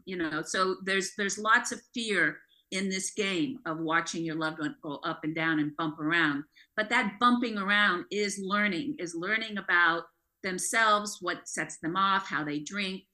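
A woman's voice: fairly low pitch, fairly even intonation, unhurried, pushed and bright. A woman co-hosting a podcast, explaining family recovery steps in an earnest, coaching way. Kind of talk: casual podcast discussion.

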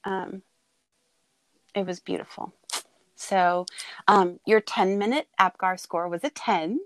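A middle-aged woman telling her daughter the story of her birth in a casual, heartfelt talk, halting and full of fillers. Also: medium pitch, fairly even intonation, a bit bright, no echo, low-quality recording. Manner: tender, halting, with many fillers and laughs.

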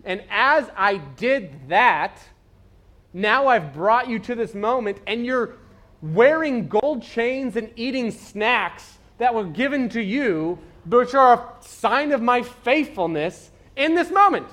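A man voicing an exasperated, booming God. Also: lively intonation, slow, a bit bright, heavily acted. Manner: emphatic, raised and insistent. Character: exasperated male God, patient yet incredulous.

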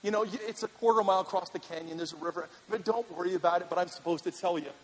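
A male pastor telling a funny personal story in a sermon, animated and laughing, then turning earnest. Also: sits high, racing, husky. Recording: reverberant hall with faint ambience.

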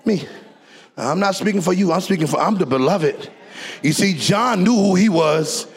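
Gravelly high-voiced preacher, shouting and singing. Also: male voice, moderate pace. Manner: call-and-response preaching, swings from low talk to shouted, sung climaxes. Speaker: pastor. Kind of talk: preaching sermon. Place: church before a congregation.

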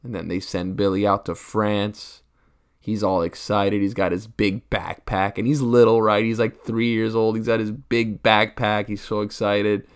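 A man's voice: on the low side, little pitch movement, measured pace, clean tone. A man in a profane stand-up rant, rambling and crude, peppering his talk with rhetorical asides. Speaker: comedian.

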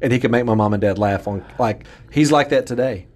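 A middle-aged man telling a story in casual chat, animated and acting out quoted lines with big jumps in pitch. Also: fairly quick.

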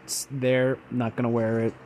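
A young man hosts a loose, rambling chat with a mid-pitched voice, easily excited and full of fillers and stops. There is a faint hiss of noise behind him. He sounds like a fan talking off the cuff. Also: moderate pace. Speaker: podcast host. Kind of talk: casual rambling monologue.

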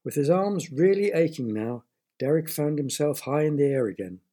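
A man's voice: a little high, lively intonation, normal speed, mellow. A man reading a children's story aloud, stopping to explain words to young listeners.

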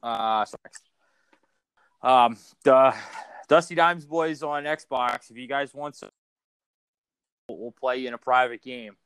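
A man's voice: medium pitch, measured pace, pauses often, fairly bright tone, smooth, dry recording. A man co-hosting a casual podcast chat, rambling and swearing, with many restarts. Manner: rambling, profane, frequent restarts. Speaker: podcast co-host.

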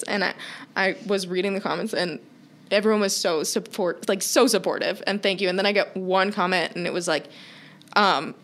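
A woman's voice: medium pitch, normal speed, fairly bright tone. A young woman co-hosts a casual podcast chat. She tells her stories animatedly, swears freely and acts out the quotes in them. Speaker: podcast co-host.

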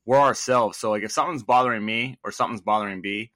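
A man's voice: on the low side, quick pace, a bit bright, no room sound. A man co-hosting a podcast in casual chat, rambling and swearing a lot, with filler words everywhere. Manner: profane, rambling with many "like"s and "dude"s. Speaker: podcast co-host.

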